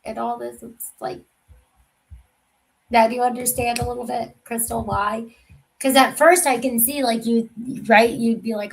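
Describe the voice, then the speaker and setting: A woman's voice: fairly high pitch, fairly even intonation, unhurried, creaky, low-quality recording. A woman hosting a casual true crime livestream, talking in a rambling, confiding way that trails off mid-sentence.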